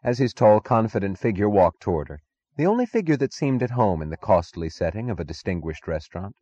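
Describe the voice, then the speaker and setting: Very deep-voiced male audiobook narrator. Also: breathy edge, no echo. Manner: deliberate, expressive reading. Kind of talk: scripted literary narration. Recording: dull, dry lo-fi audiobook recording.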